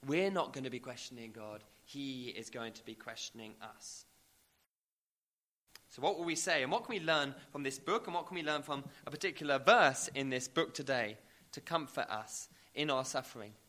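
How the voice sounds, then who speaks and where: A man's voice: mid-range voice, moderate pace, bright, forceful tone. A man preaching a sermon, emphatic, building to rising repeated questions.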